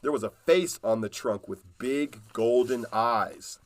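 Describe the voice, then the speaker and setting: A man reads a children's picture book aloud at a slow, easy pace. His storytelling is calm and unhurried, with a middle pitch.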